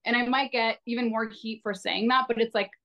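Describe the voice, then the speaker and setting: A woman's voice: a little high, steady tone, brisk, pushed and bright, lo-fi sound. A woman in her twenties, a podcast guest in casual chat, rambling with lots of "like" fillers and poking fun at herself. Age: 20s. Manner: rambling, heavy on filler "like", self-deprecating.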